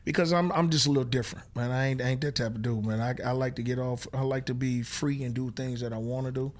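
A man's voice: medium pitch, fairly even intonation, quick pace. A man in his fifties, a former basketball player and guest, talking bluntly in a casual chat, full of profanity and "you know what I'm saying". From Oakland, California.

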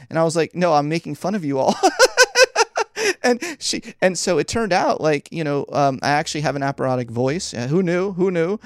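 A man from the Philadelphia area speaks as a guest on a podcast, spinning an animated personal story. He laughs often and leaps sharply upward in pitch whenever he acts out what someone said. The sound is dry, close and without room echo. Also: fairly quick. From Philadelphia area, United States. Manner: laughs often, lively shifts in pitch when quoting people.

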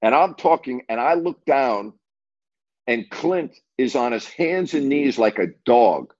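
A man's voice: medium pitch, a little slow. Older man telling stories, lo-fi sound. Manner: animated, laughing, repeats himself. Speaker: sportscaster host. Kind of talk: casual storytelling to a live audience. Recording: dull lo-fi audio.

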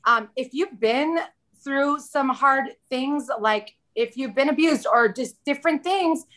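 High bright-voiced chatty woman. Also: unhurried. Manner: chatty, candid, peppered with "like", quoting herself. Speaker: podcast guest. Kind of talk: casual chat.

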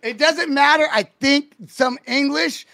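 A man's voice: very high voice, measured pace, vocal fry, pushed and bright, no room sound. A man hosting a podcast interview, playful and teasing, often repeating himself. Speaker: podcast host. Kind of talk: casual interview chat.

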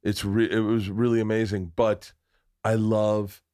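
Animated middle-aged man telling stories. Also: lowish voice, unhurried. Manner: animated storyteller, acts out quoted voices, swears freely. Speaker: podcast host, comedian. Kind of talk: casual chat, storytelling.

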